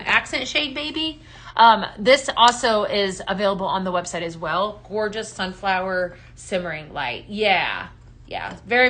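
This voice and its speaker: A woman hosting a live home-fragrance sales stream, chatting casually, greeting viewers by name and filling pauses with ums. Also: medium pitch, bright, forceful tone, slight background noise. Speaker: live shopping show host.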